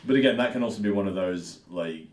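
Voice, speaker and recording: Agreeable low-voiced young man, echoey room. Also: fast talker. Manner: agreeable, thinks aloud with frequent "yeah" and restarts. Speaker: podcast co-host and tabletop player. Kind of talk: casual podcast chat. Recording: echoey room, far from the mic.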